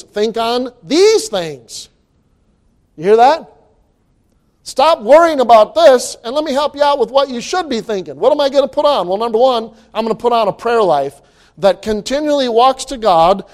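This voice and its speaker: A man preaching a sermon, animated and reading scripture aloud in old-fashioned wording. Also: extremely high pitch, moderate pace, long pauses. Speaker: pastor.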